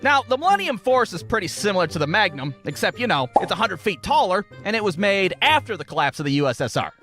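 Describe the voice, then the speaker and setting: High, lively young man telling stories. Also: fast, soft background music. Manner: profane, animated, puts on voices. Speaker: streamer. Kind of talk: comedic storytelling.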